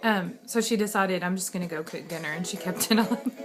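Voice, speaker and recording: A woman's voice: on the low side, a little fast, music in the background. A woman, talking casually and rambling in a vlog, laughing often. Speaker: vlogger.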